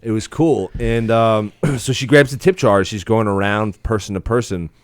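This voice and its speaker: A man's voice: on the low side, normal speed, no echo. A man, a comedian and co-host, telling a rambling, profane story in casual podcast chat.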